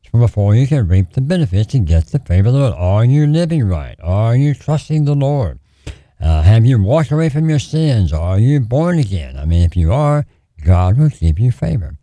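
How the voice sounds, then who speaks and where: A man preaching and praying on the radio in a lively, pleading, repetitive cadence. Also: medium pitch, no room sound. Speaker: radio preacher taking prayer calls.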